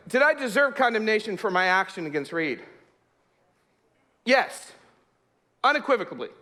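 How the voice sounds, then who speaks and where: A man telling a humorous personal story to an audience, laughing often and dropping to a hush for suspense. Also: high voice. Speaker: speaker.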